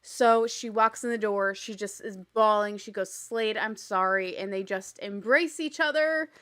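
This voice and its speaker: A woman's voice: medium pitch, normal speed. Woman host recapping a reality show, talks casual and blunt, swears a lot, gets worked up. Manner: animated, exasperated retelling.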